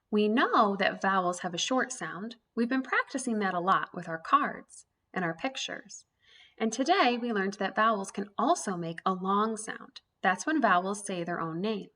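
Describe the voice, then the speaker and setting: A woman's voice: mid-range voice, fairly bright tone. A woman teaching an early reading lesson to young children, sounding out letters one by one in an encouraging way.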